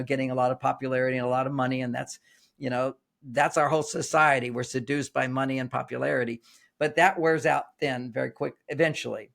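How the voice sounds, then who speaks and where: Gravelly older man telling stories. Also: mid-range voice, a bit bright. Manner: storytelling, repeats and restarts phrases. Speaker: relationship author, guest. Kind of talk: interview, explaining with anecdotes.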